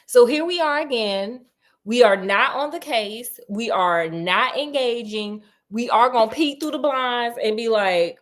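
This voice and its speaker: A woman's voice: fairly high pitch, unhurried. A woman retelling a novel in a sassy, casual chat, speaking straight to her listeners and acting out the characters. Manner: sassy, animated, talks to listeners as "girl" and "honey", acts out the characters. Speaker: storyteller host. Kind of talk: casual chatty book retelling.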